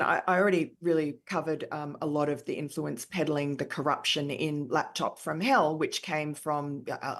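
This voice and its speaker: Australian woman guest, low register, emphatic, filler-heavy, middle-aged. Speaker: author and columnist guest. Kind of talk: conversational interview answers.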